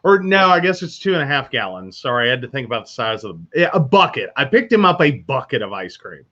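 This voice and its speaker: Casting note: man, podcast co-host, bright tense voice, very animated, teasing. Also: medium pitch, fast. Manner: teasing, laughing, animated storyteller. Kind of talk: casual chat. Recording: dull lo-fi sound.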